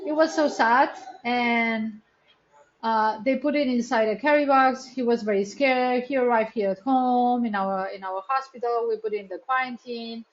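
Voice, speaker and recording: A woman's voice: fairly high pitch, lo-fi sound. A woman, the founder of a wildlife rescue center, talking as a guest in a casual interview with an earnest, chatty storytelling manner and non-native English phrasing.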